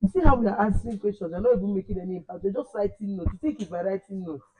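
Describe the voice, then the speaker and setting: Speaking rapid-fire in a high, somewhat mellow voice, a man quizzes children in a language lesson, repeating phrases and correcting them while moving back and forth between Igbo and English. The recording is rough.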